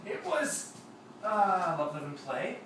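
A man chatting casually as a vlog co-host, joking and bantering at an easy mid pitch. He is picked up by a camera some distance away in a very echoey room. There is a clear hiss of noise behind him. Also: very animated, takes it slowly, a bit bright. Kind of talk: casual chat.

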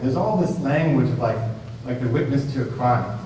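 A male professor leading a class discussion, animated and full of restarts and questions to the students. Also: medium pitch, moderate pace, slight background noise. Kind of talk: discussion-led class talk. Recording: echoey hall heard from a distance.

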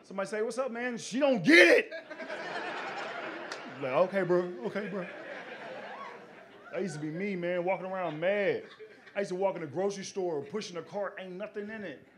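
A man on a club stage does a stand-up set, telling a loose, slangy story and acting out the quotes. His voice sits high with lively intonation and a slightly fast pace. The live recording picks up a noisy room, crowd noise and audience laughter.

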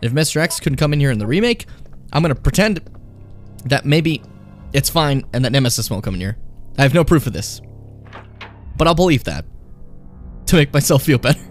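Excitable, foul-mouthed young male streamer. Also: mid-range voice, a little fast, pauses often, faint music behind. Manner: excitable, swears a lot, taunts the game enemy, laughs often. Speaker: let's play streamer. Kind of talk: casual game commentary.

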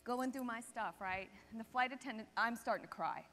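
High-voiced woman telling stories in a reverberant hall. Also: a little fast. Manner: lively anecdotal, addresses audience with "right?". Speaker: chiropractor speaking at a seminar. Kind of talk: storytelling seminar talk. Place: seminar hall stage. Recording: long reverb of a seminar hall.

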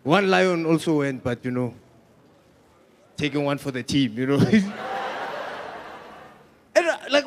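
A South African man performs stand-up in a high, light voice. He is chatty and keeps laughing at his own punchlines. A faint hiss of noise runs under the recording. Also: animated, moderate pace, long pauses. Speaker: stand-up comedian. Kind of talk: stand-up comedy set.

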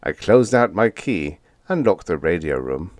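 A man narrating a comic story in the first person, expressive and even-paced. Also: low voice, unhurried, dry recording, clean studio sound. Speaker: audiobook narrator.

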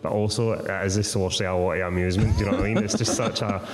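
A Scottish man with a fairly low voice tells sweary, animated stories and keeps checking in with "right?" He is speaking on a theatre stage, and the sound carries the long reverb of the hall. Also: quick pace, slight background noise. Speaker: guest author. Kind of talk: live podcast conversation on stage. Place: theatre stage before a live audience.

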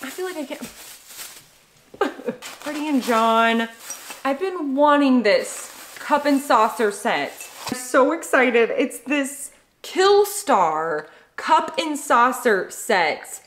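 A young woman vlogging at home, chatting excitedly as she unboxes gifts and gushes over them. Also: sits high, drawn-out words, a little hiss or hum. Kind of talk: casual unboxing vlog.

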